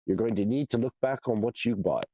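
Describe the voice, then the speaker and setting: A man under the weather with a hoarse, gravelly voice, reading a horoscope on a podcast in a halting way. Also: on the low side, dark tone, a little hiss or hum. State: hoarse from a cold. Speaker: podcast guest co-host.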